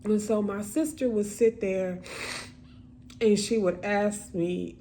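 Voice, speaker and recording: Woman, slow talk, emotional personal story, repeats herself, faint background hum. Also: mid-range voice, fairly even intonation, dark tone. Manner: emotional, repetitive, halting storytelling. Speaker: vlogger telling a story.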